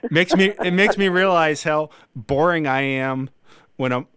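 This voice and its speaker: Smooth-voiced easygoing podcast host. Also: male voice, fairly high pitch, moderate pace, a bit bright, no echo, studio quality. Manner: easygoing, self-deprecating. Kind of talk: casual podcast chat.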